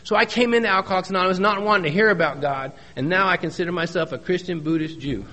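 Folksy and full of jokes, a middle-aged man delivers his testimony at a recovery meeting, hammering key phrases through repetition. His voice is high, pushed, and bright at a quick pace, with a little hiss or hum in the background.

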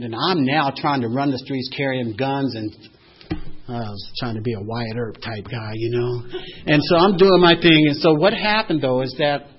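A man telling a personal story, animated and swinging from loud to hushed. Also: mid-range voice, lo-fi sound.

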